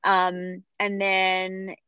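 A woman tells a story in a casual, animated way, acting out other people's lines as she goes. The room is dry and close. The sound is slightly dull and muffled. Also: medium pitch, drawn-out words, clear, resonant tone, no echo. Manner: chatty, animated, acts out others' voices. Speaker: podcast guest telling her birth story.

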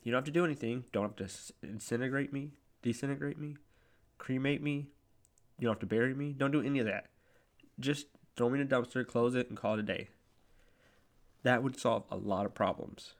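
A young man on a casual podcast who teases bluntly in a flat, deadpan way. His voice sits at an ordinary middle pitch for a man. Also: a little fast. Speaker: podcast co-host. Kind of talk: casual chat.

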